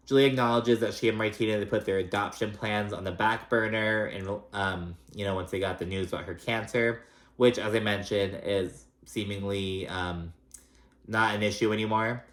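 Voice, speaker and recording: A man's voice: on the low side, moderate pace, a bit bright. Gossipy man in a roomy echo. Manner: chatty, gossipy and profane, with frequent fillers. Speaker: reality TV recap host. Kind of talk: casual recap commentary.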